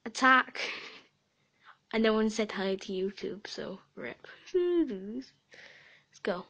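Young woman, casual game commentary, giggly, whispered asides, slow pace. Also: medium pitch, lively intonation, creaky, darkish tone. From Sweden and Britain. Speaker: gaming video creator.

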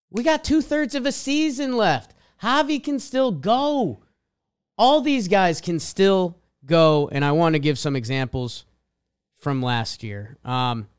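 On a casual sports podcast, a male co-host with a Boston accent reads out stat lines, his delivery swinging emphatically. His voice is fairly high-pitched and smooth.

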